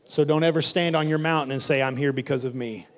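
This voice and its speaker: A male pastor preaches a sermon at a quick pace, his voice a little high and his intonation fairly even. He builds intensity and repeats lines for emphasis. His phrasing is colloquial Southern church talk, with "y'all" and "ain't."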